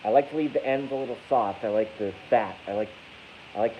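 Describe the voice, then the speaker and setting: A livestream host rambles casually, cracking crude jokes, poking fun at himself, and reading chat comments aloud. His voice is mid-range and fairly quick. The stream audio is dull and lo-fi, with a faint hiss.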